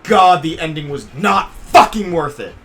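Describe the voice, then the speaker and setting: A man's voice: fairly high pitch, animated, measured pace, background noise. Young man ranting with profanity. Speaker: podcast host. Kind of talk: casual gaming podcast chat. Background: music.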